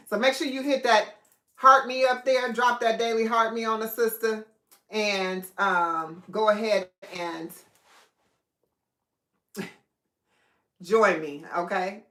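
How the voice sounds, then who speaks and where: A woman's voice: medium pitch, steady tone, slow, pauses often, a bit bright. A woman hosting a casual livestream while she eats, chatting freely and reading out viewers' comments with frequent laughs. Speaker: livestream host. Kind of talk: casual live chat while eating. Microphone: no microphone, device in room. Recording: echoey room, no mic.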